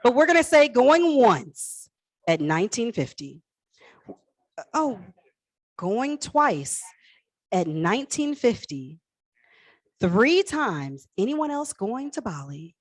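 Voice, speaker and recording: A woman's voice: on the high side, very animated, slow, long pauses, no echo, low-quality recording. A woman calling a live charity auction on stage, playfully coaxing and teasing bidders by name. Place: event hall stage.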